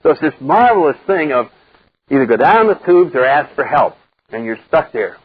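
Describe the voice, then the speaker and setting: An older man speaking to a live recovery group, blunt and wry, acting out the voices he quotes in a lively way. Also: on the high side, normal speed, slightly rough, no echo. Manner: animated storyteller who acts out quoted voices, wry and blunt. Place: meeting room with a live group. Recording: dull lo-fi 1990s cassette recording.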